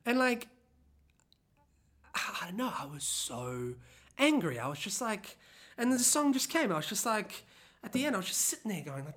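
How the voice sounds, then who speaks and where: Hosting a podcast, a singer-songwriter casually rambles through the story behind a song, with lots of fillers and restarts. The voice is sing-song and a bit bright at normal speed, with long pauses, and it leaps up in pitch when reliving anger.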